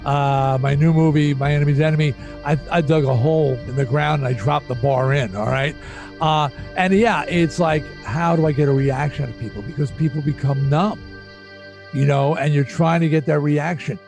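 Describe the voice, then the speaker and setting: A middle-aged man telling stories in a casual interview, animated and profane, often repeating himself as he gets worked up. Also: a little high, moderate pace, gravelly, faint music behind. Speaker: interview guest.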